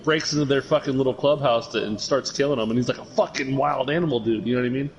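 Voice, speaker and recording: Fast-talking profane man streamer. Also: medium pitch, muffled recording, a crowd in the background. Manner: rambling, profane, animated storytelling. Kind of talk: casual chat.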